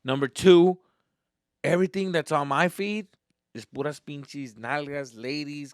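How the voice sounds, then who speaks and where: A man's voice: a little high, unhurried, clear, resonant tone, no room sound, clean studio sound. A man hosting his own podcast in a rambling, profane solo monologue, slipping into Spanish phrases now and then. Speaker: podcast host.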